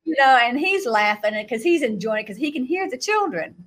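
A woman recounts a vision as a guest, her voice sitting a touch high. She tells it with animation, acting out each quote and laughing often. Her pace speeds and slows with the story. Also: expressive. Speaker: guest speaker.

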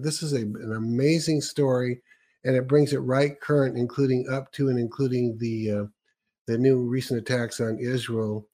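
Mellow-voiced male host. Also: medium pitch. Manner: relaxed, conversational, with fillers. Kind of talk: casual show introduction.

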